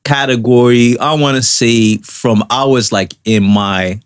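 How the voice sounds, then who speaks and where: A man's voice: mid-range voice, fairly even intonation, a little slow, smooth. A man co-hosting a casual podcast chat, talking in a rambling way with many restarts. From Toronto, Canada. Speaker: podcast co-host.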